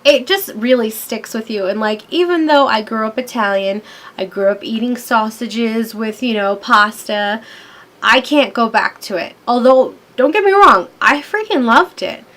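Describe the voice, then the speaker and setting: Woman in her thirties, slightly high voice, chatty vlogger telling stories into her camera mic. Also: expressive, unhurried, a bit bright. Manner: chatty, storytelling, many fillers. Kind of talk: casual rambling vlog.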